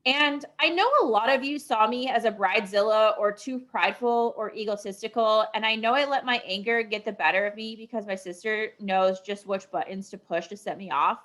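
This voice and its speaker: A woman's voice: medium pitch, fairly quick, hardly any pauses, fairly bright tone. Woman reading a story aloud. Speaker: podcast co-host.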